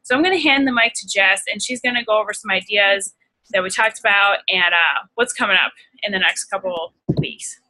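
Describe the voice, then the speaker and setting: A woman's voice: medium pitch, brisk, bright, forceful tone, poor audio. A young woman leading a team conference call, upbeat and rambling with many fillers. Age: young adult. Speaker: team leader.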